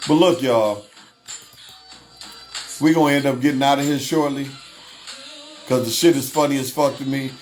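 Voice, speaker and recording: Faint music plays behind this man's mid-range voice as he talks at normal speed, leaving long pauses. He's hosting a relaxed livestream, reading out chat messages, cursing freely, laughing often and going over the same things again.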